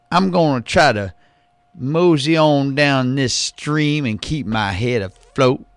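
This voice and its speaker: A man's voice: medium pitch, fairly bright tone, dry recording. A man hosting a live radio talk show, rambling and joking in a casual, self-deprecating way. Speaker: radio host. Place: radio studio.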